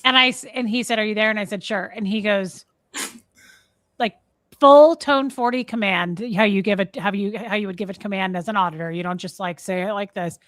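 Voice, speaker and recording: A woman co-hosting a podcast, telling a long personal story in a casual, animated way, acting out the other people in it and filling her talk with "like" and "um". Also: mid-range voice, fast talker, hardly any pauses, no room sound, clean studio sound. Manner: animated storyteller, acts out quoted voices, many fillers. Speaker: podcast co-host.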